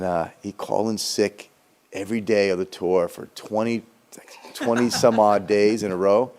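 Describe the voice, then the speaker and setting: A man's voice: sits low, a little mellow. A middle-aged man telling a loose, laid-back story in casual chat, with casual swearing. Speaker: musician sharing a memory.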